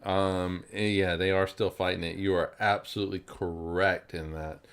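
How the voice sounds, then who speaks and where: A man's voice: deep voice, flat delivery, normal speed, fairly bright tone, smooth. A man from South Carolina, co-hosting a casual podcast chat and rambling with lots of fillers and restarts. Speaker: podcast co-host.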